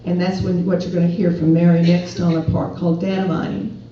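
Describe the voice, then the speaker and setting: A woman's voice: on the low side, level tone, fairly quick, mellow, a little hiss or hum. A woman giving an earnest, persuasive speech to an audience at a rally, often putting questions to the listeners. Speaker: speaker at a political rally. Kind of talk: public speech. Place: event hall. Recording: echoey hall, distant and dull.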